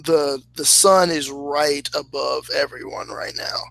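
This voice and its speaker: A man running a tabletop game, narrating in a halting way with plenty of restarts as he thinks aloud. His voice is gravelly and bright, unhurried and slow. The sound is close and dry. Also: fairly high pitch, steady tone, poor audio. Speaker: game master.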